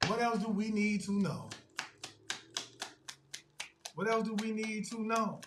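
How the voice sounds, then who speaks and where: A man's voice: high-pitched, slow pace, heavy background noise. A man giving a tarot reading as a spiritual medium, talking to viewers in an emphatic, repetitive way and calling on spirit aloud between statements. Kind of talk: channel tarot reading monologue.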